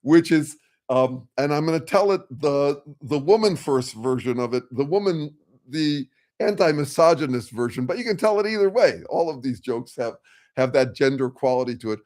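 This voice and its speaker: Older male host, rambling frank style, a touch high-voiced. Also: lively intonation, normal speed, a little mellow. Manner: rambling, frank, swears, restarts mid-phrase. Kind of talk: casual discussion on a video call.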